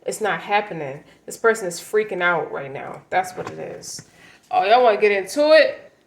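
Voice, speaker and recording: A woman reads tarot cards in a loose, conversational way, blunt and full of slang, leaning hard on her points. Her voice sits at an ordinary middle pitch. The room around her is noticeably echoey. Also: very animated, normal speed, vocal fry, a little hiss or hum. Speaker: tarot reader. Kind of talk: casual tarot reading.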